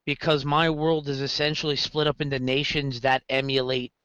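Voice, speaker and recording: A man's voice: medium pitch, moderate pace, clean tone, no room sound, low-quality recording. A man chatting casually on a podcast about running his games, rambling and correcting himself as he goes. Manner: rambling, self-correcting, animated storytelling. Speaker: game master guest.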